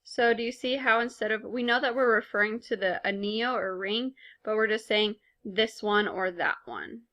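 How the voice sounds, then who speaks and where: A woman's voice: mid-range voice, steady tone, moderate pace, sharp tone, lo-fi sound. A woman teaching a recorded language lesson in a patient, explanatory way, speaking with casual fillers. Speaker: Spanish teacher.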